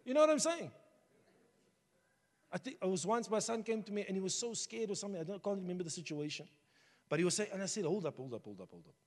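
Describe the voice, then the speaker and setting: Male pastor, high-pitched, passionate sermon delivery, long hall reverb. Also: fast talker, long pauses. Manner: passionate, rising to shouts, conversational asides. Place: church hall.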